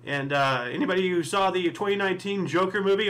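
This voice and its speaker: A man's voice: high voice, quick pace, few pauses, noisy background. A man hosting a history show, reading dates and thinking aloud in casual solo commentary with many fillers and asides.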